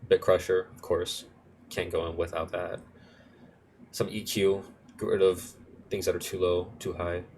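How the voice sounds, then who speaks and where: A man's voice: deep voice, little pitch movement, unhurried, pauses often, darkish tone, a little hiss or hum. A young man casually walking through his music project file, rambling and correcting himself as he goes. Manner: rambling, self-correcting, offhand. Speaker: music producer. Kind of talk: casual screen-recorded tutorial walkthrough.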